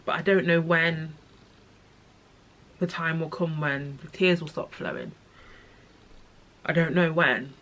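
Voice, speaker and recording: A young adult woman talking to camera about personal grief, soft and halting, often sinking to a near-whisper. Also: deep voice. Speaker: vlogger sharing personal experience.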